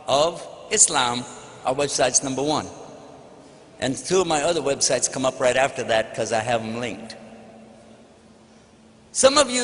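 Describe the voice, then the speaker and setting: A man's voice: medium pitch, fairly bright tone. Texan man telling a story. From Texas. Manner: folksy, humorous, acts out phone calls. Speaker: speaker giving a talk. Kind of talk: storytelling talk to an audience. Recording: hall reverb with faint background noise.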